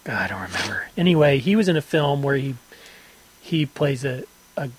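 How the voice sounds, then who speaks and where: A man co-hosting a podcast in casual chat, rambling and halting, often laughing. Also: mid-range voice, sing-song, husky, low-quality recording. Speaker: podcast co-host.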